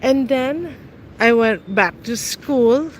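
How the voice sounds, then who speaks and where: Woman, middle-aged, teasing, laughs a lot, unhurried, outdoor street, faint traffic hum. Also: a little high, lively intonation, rough recording. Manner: chatty, teasing, laughs often. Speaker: vlogger. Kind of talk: casual chat with live viewers while walking.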